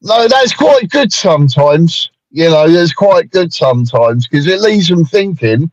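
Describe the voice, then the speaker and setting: A man's voice: fairly high pitch, animated, unhurried, no echo, highs cut off. An English man from England chatting on a live stream from his phone, friendly and calling people mate. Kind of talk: casual chat. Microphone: phone on a live stream call.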